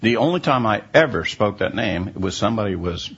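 A man with a low, gravelly and husky voice gives a question-and-answer Bible teaching. He explains things patiently and unhurriedly, stopping often on "uh" as he searches for words. The recording sounds dull and lo-fi. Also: animated, a bit bright. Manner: unhurried, explanatory, frequent "uh" hesitations.

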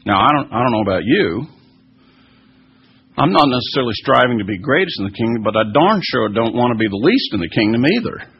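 A man's voice: medium pitch, vocal fry, husky. A man teaching scripture and answering listeners' questions, earnest and emphatic, with many fillers and restarts. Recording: dull lo-fi recording.

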